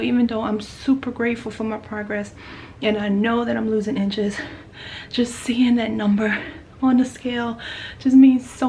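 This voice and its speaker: A woman's voice: on the high side, darkish tone, a little hiss or hum. A woman vlogger, crying as she talks into her phone, emotional and breathless, often dropping to a whisper. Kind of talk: personal video diary.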